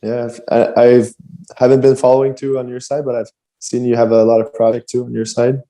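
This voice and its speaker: A man whose first language is French, a podcast guest from Quebec, answering casually in an easygoing, slightly halting way. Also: medium pitch, flat delivery, warm tone. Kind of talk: casual interview chat.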